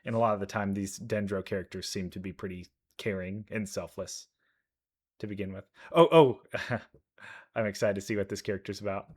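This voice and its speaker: A young man casually reacting to game trailers, chatty and quick to laugh, with bursts of excitement. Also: low-pitched. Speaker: reaction video creator. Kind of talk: casual commentary while reacting to videos.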